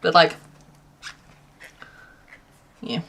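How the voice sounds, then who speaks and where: A woman's voice: extremely slow, a bit bright. An Australian woman from Western Australia chatting casually to her live-stream chat while crocheting, laughing often.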